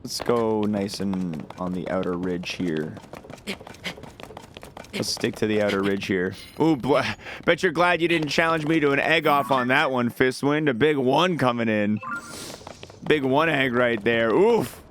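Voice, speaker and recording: A man's voice: medium pitch, measured pace, fairly bright tone, a little hiss or hum. A young man streaming a game, chatting casually and reading out messages from his chat in an upbeat, jokey way. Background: game music.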